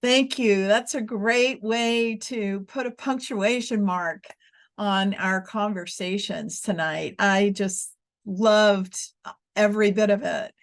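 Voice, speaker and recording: A woman's voice: mid-range voice, takes it slowly. A woman in the middle of her vocal range wraps up a teacher webinar over a video call. She encourages her listeners and drops in filler words as she goes. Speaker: webinar faculty leader. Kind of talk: warm wrap-up of a teacher webinar.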